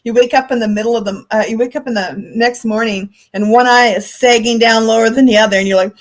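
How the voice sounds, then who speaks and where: A woman's voice: fairly high pitch, fairly quick, hardly any pauses. A middle-aged woman co-host, talking candidly and emotionally in a casual chat.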